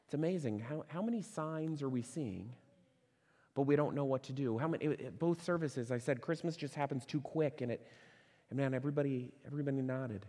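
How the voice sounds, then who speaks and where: Animated preacher in a reverberant hall. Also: male voice, medium pitch, brisk. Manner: animated, conversational preaching with restarts and rhetorical questions. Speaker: pastor. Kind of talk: sermon. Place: church sanctuary.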